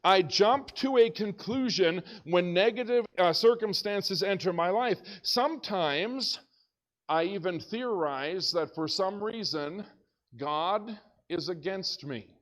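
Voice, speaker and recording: A male pastor with a fairly high voice preaches in a church, telling a story with lively energy. He jumps between quiet asides and excited shouts. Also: slow. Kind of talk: storytelling sermon. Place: church sanctuary.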